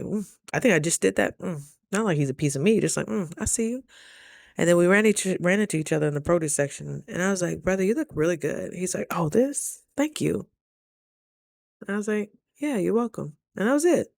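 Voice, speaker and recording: A woman vlogger from Idaho chatting casually to camera, telling stories with animated, loud quoted asides. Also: deep voice, vocal fry, no echo, clean studio sound.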